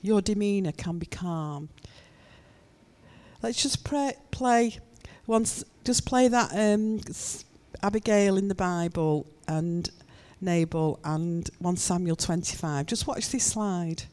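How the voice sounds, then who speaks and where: A woman sharing an animated story as a speaker in a talk. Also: lowish voice, slow. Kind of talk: testimony in a talk.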